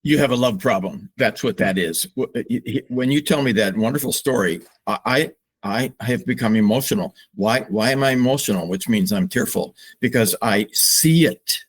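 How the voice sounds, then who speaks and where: An older man, a psychologist guest on a podcast, speaking slowly and reflectively with open emotion. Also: mid-range voice, slightly rough. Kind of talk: podcast interview.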